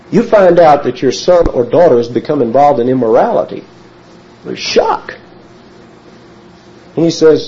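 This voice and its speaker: Male preacher, lively sermon delivery, mellow voice, muffled lo-fi recording. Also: medium pitch. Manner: animated, emphatic Bible teaching.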